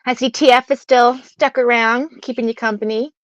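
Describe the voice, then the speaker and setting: A woman's voice: on the high side, fairly even intonation, moderate pace, no room sound. A woman chatting casually as a guest on a livestream, giggly and teasing. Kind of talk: casual chat. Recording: dull, dry muffled call audio.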